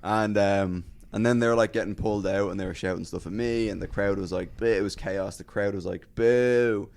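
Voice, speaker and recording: A man telling a lively stand-up story in casual podcast chat, acting out crowd voices and swearing freely. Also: fairly low pitch, brisk, creaky, no room sound.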